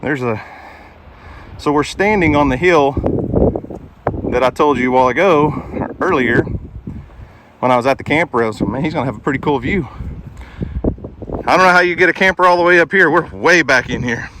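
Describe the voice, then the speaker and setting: A man's voice: fairly high pitch, brisk, pauses often, background noise. A man vlogging outdoors as he climbs a wooded hill, out of breath and full of amazed exclamations. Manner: chatty, easily amazed, exclamations like holy moly. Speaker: homestead vlogger. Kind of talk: casual outdoor vlog, walking and talking.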